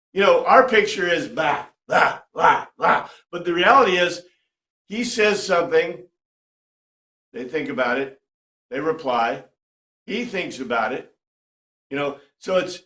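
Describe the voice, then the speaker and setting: Male teacher, slightly higher pitch, chatty lecture style, roomy echoey classroom sound. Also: a bit bright. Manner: chatty, checks in with "right?".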